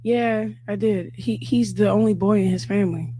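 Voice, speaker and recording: A woman guest in an interview, casually recounting a story in a rambling, halting way with many fillers. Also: mid-range voice, heavy background noise.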